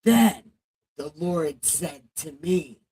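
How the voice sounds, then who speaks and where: A woman reading the Bible aloud on a casual livestream, halting over the text and breaking off into chatty, salty asides. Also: fairly low pitch, expressive, dark tone, slightly rough, low-quality recording.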